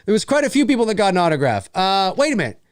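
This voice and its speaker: A man's voice: high-pitched, sing-song, racing, smooth, no room sound, clean studio sound. A man from Canada hosting a casual live-stream Q&A, rambling, repeating phrases and reading out viewers' comments.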